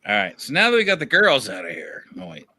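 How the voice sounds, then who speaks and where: A man's voice: mid-range voice, huge pitch swings, fast talker, pushed and bright, no echo. A man from Canada on a podcast panel, cracking dry, offhand jokes in casual banter.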